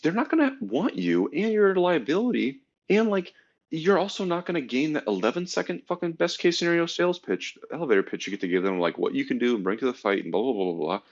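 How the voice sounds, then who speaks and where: His voice sits on the high side and moves quickly, and the recording is dull. A podcast co-host who served as an army engineer, he swaps army stories in profane, laid-back bro-speak, animatedly performing other people's voices as he goes.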